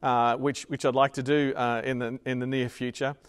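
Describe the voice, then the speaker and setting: A man preaching a sermon as pastor, earnestly repeating key phrases and dropping to a soft voice on tender points. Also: medium pitch, level tone, moderate pace, smooth.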